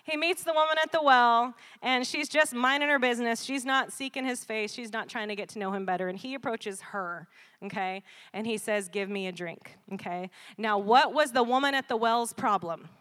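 Lively laughing woman preacher. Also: on the high side, moderate pace. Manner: call-and-response with the congregation. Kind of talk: sermon.

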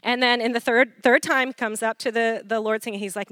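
A woman preacher delivering a lively sermon, laughing often and calling for responses from the congregation. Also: fairly high pitch, a little fast, hardly any pauses, no room sound.

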